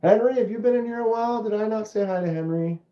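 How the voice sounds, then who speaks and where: This knife channel livestream host reads viewer comments in a casual, jokey way, regularly collapsing into giggling fits. His high voice moves at a quick pace, and the sound is roomy and muffled.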